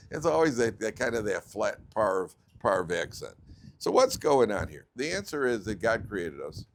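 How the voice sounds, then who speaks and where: A man with an American accent, a rabbi giving a joking, digressive Torah lecture with sudden jumps in pitch. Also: very animated, unhurried, slight background noise. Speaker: rabbi teaching a weekly Torah class.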